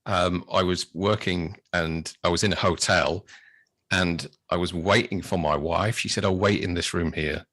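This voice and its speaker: A British man, a podcast guest, telling anecdotes in a casual, animated way. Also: low voice, normal speed, no room sound. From Britain. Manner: animated storyteller, acts out his own excitement. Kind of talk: casual storytelling chat.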